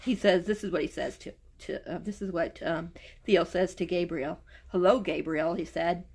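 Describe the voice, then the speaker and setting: A woman's voice: lowish voice, normal speed, a little mellow, slightly rough. A woman book reviewer reading a novel aloud and retelling it in a casual way, stumbling and restarting over words.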